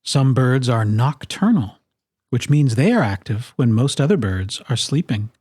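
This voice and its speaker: A storyteller reading a children's picture book aloud, with expressive, playful emphasis on its lists. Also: medium pitch, measured pace, breathy edge, no room sound, studio quality.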